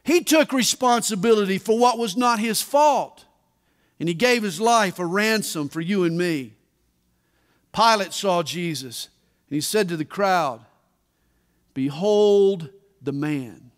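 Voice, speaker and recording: A man preaching a sermon at a conference, deliberate and emphatic, with dramatic pauses. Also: sits high. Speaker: pastor. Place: large conference hall. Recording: reverberant conference hall.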